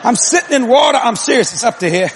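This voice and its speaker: A male preacher telling a comic story in his sermon, animated and acting out every voice, with an audience behind him. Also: extremely high pitch, fast, slight background noise. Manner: animated, acts out every voice, hollers.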